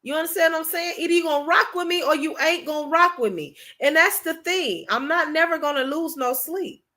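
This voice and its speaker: Woman hosting a livestream, high bright voice, talking straight to viewers, emphatic and repeating her points. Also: a little fast. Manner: emphatic and repetitive, often asking "you understand what I'm saying?"; informal, conversational, addressing viewers directly. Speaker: livestream host. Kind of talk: motivational livestream talk.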